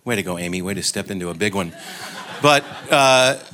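A man's voice: low voice, lively intonation, fairly quick, pushed and bright. A man giving an informal talk to a group, telling anecdotes and joking, with frequent restarts. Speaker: guest speaker.

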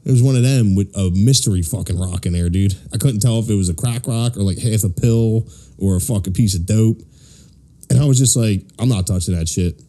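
A man's voice: on the low side, brisk, mellow. A young man from Philadelphia, hosting a casual podcast, telling rambling work stories full of swearing and acted-out quotes. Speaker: podcast host. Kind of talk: casual chat, storytelling.

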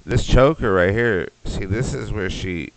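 A man's voice: lowish voice, measured pace, vocal fry, slight background noise, low-quality recording. A man hosting a podcast, ranting crudely and loosely as comedy. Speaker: podcast host. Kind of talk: comedic rant.

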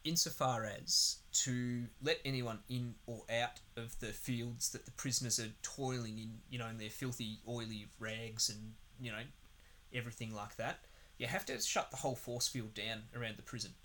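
Sweary, bright-voiced man. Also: medium pitch, normal speed, a little hiss or hum. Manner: sweary, sarcastic, rambling. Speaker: podcast co-host. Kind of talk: casual film review chat.

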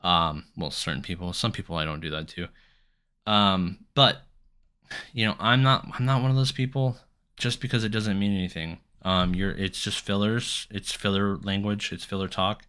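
A man's voice: sits low, fairly even intonation, normal speed, pushed and bright, smooth. A man in his thirties hosting a solo podcast, telling rambling stories full of swearing and filler words. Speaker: podcast host. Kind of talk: casual solo podcast monologue.

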